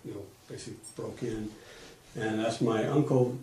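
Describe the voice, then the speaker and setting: A man's voice: fairly low pitch, steady tone, moderate pace, dark tone, far from the mic, slight background noise. A middle-aged man giving an oral history interview, retelling events plainly and explaining things as he goes, often restarting his sentences. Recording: echoey room.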